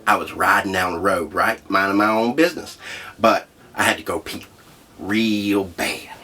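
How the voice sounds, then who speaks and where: An actor playing a crude, rambling trailer park leader who hosts a comedy show, with a profane way of talking. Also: male voice, sits low, moderate pace, pushed and bright. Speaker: comedy show host character. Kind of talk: scripted comedy monologue.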